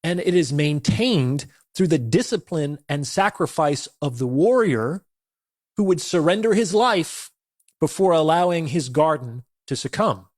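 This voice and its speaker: A man giving an intense motivational monologue. He speaks in a forceful, declamatory way and swears. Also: fairly high pitch, animated, measured pace, dry recording, studio quality.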